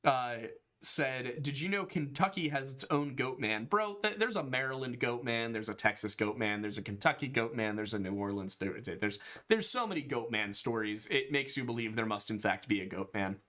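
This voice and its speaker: A man's voice: medium pitch, expressive, moderate pace, sharp tone. A young man from Pennsylvania co-hosting a casual livestream podcast, reading donation messages aloud and laughing often.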